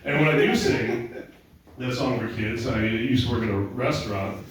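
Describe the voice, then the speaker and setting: A male stand-up comedian ranting in a profane, deadpan way at a live show, sometimes mocking other people's voices. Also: medium pitch, moderate pace, recorded from a distance, slight background noise. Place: small club with audience laughter. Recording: very echoey room, voice off-mic.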